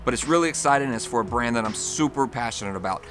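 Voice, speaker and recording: A man's voice: mid-range voice, animated, very fast. Upbeat man hosting a car vlog. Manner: upbeat, chatty, with fillers. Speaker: vlog host. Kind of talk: casual vlog chat. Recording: background music clearly audible.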